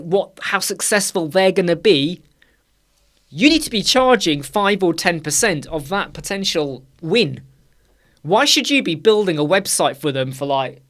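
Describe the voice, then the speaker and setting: A young man hosts a live Q&A stream about web design, talking casually and energetically and repeating key phrases for emphasis. His voice is a little high with a fairly bright tone.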